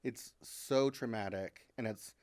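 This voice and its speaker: A woman from Kentucky, a comedian and writer, talking as a podcast guest in casual chat. She is animated and self-deprecating, laughs often, and uses many fillers. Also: extremely low pitch, takes it slowly, no room sound, studio quality. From Kentucky, USA. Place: podcast studio.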